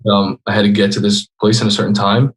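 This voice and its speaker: A man in his twenties, a guest on a video call, telling a story in an animated way, full of "like" fillers. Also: on the low side, fast talker. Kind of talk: casual video-call conversation.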